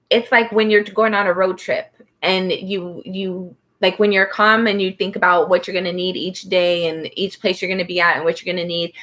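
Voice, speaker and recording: A woman's voice: mid-range voice, fairly bright tone. A woman giving a casual spoken tarot reading, rambling and soothing, with many fillers as she talks. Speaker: tarot reader.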